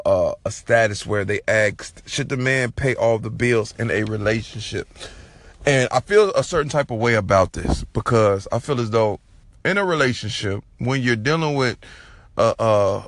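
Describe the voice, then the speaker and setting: A man's voice: medium pitch, no echo. A man hosting a solo podcast, talking in a casual, slangy, profane and rambling way. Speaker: podcast host.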